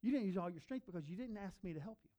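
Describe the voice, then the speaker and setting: A man voicing a patient, loving father who gently reassures his son in a sermon story. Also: high-pitched, lively intonation, rapid-fire, highs cut off, pitched above the performer's own voice. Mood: gentle.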